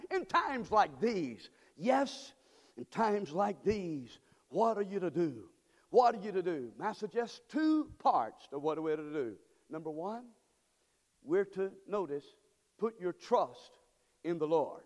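A man preaching a sermon from the pulpit, his high voice leaping up and down through the lines. He calls out to the congregation for answers and swings between hushed, near-spoken passages and shouted peaks. The sound rings with the long reverb of a large church hall. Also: big pitch swings, unhurried. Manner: call-and-response preaching, swings from quiet to shouting. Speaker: pastor. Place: church sanctuary.

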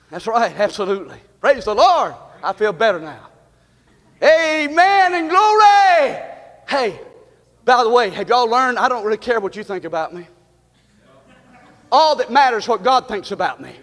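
A pastor preaching a fiery Easter sermon in a church, shouting in bursts and then dropping low. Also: male voice, expressive, moderate pace. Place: church sanctuary. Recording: long church reverb.

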